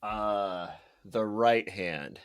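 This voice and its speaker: A man's voice: fairly low pitch, extremely slow, smooth. A man playing a trivia game, joking around and being playfully pedantic. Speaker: trivia contestant. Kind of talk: casual game banter.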